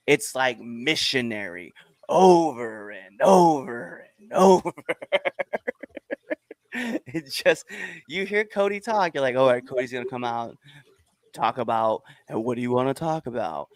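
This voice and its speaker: A man hosts a wrestling podcast in a loose, animated way, laughing often between points. His voice sits at a middle pitch. The sound is dry and close, with no room around it. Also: unhurried, no room sound. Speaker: podcast host. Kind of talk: casual wrestling chat.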